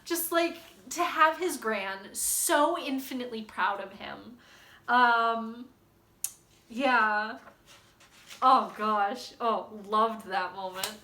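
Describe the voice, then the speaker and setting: Young woman book vlogger, gushing and rambly. Bright, slightly high voice in an echoey room. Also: slow pace. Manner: gushing, rambling, with many likes and ums. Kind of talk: casual book chat reading passages aloud.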